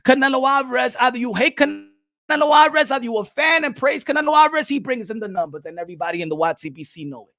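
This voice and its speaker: A man hosting a boxing commentary channel in a loud, profane, shouting rant that switches between English and Spanish. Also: very high-pitched, expressive, racing, dry recording. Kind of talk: ranting video commentary.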